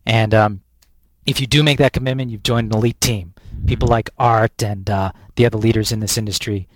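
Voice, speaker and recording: A man's voice: fairly low pitch, steady tone, brisk, no echo. An American man holds forth as a guest speaker, spinning a story with lots of energy. He restarts sentences and repeats words as he goes. His voice sits close and dry, with no room sound. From United States. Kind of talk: storytelling interview talk.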